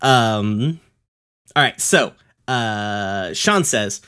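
A man's voice: on the low side, animated, very slow, sharp tone, smooth. A man with a Southern US accent hosting a podcast, talking in a loose, rambling way, swearing and laughing easily. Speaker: podcast host. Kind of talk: casual podcast chat.

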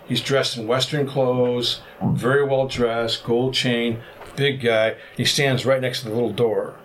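A man, a podcast guest, telling a travel story in a vivid, animated way. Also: mid-range voice, unhurried, slight background noise. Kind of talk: storytelling anecdote.

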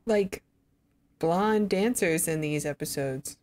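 A woman co-hosts a casual podcast chat, adding short, dry and wry remarks. Her voice sits a little low for a woman. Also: slow, a little mellow. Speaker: podcast co-host. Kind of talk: casual chat reviewing a TV episode.

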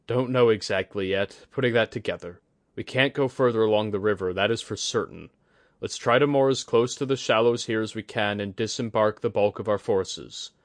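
A man's voice: on the low side, dry recording, close to an everyday voice. A man playing an earnest samurai commander. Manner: measured, decisive.

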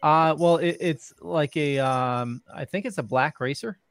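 A man's voice: a little high, unhurried, smooth. A man talking casually, with lots of hesitant restarts and fillers. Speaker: guest. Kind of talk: casual chat.

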